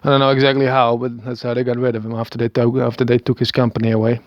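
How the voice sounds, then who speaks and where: A man's voice: medium pitch, monotone, racing, dry recording, lo-fi sound. A Dutch man in his thirties with a Dutch accent, talking in a hesitant, rambling monologue full of stammered restarts and small chuckles. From Netherlands. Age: 30s. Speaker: video maker. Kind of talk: rambling self-recorded monologue.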